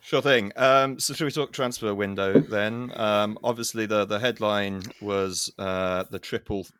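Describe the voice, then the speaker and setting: A man guesting as a football pundit on a podcast, hesitant and dotted with ums and wry asides. His voice sits a bit low and sounds dry and close to the mic. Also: fairly even intonation, unhurried, fairly bright tone, clear, resonant tone, dry recording. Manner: hesitant, lots of ums, self-mocking. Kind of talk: casual chat.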